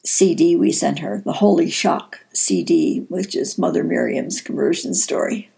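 A woman's voice: sits low, big pitch swings, unhurried, vocal fry, warm tone, breathy edge. A woman co-hosting a casual talk show, mostly chiming in with short, supportive remarks. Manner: brief, supportive interjections. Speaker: co-host. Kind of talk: casual radio show chat.

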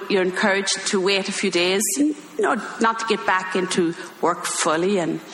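An older Irish woman, a religious sister, telling an animated story and acting out the voices in it. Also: a little high, a little hiss or hum. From Ireland. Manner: animated, acts out quoted voices, laughs while telling. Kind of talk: storytelling talk. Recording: echoey hall with long reverb.

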